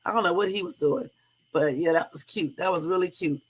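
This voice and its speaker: A woman's voice: lowish voice, fairly quick, breathy edge. Chatty woman hosting a casual livestream. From Southern California. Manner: chatty, laughing, addresses viewers as y'all. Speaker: livestream host.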